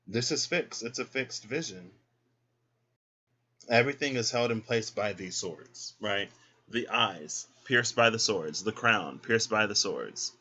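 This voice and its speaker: Man, tarot reader, sassy and chatty, bright, forceful voice, muffled lo-fi audio. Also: fairly low pitch, measured pace, breathy edge. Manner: sassy, chatty, talks to the listener as "girl". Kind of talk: casual tarot reading talk. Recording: dull lo-fi sound.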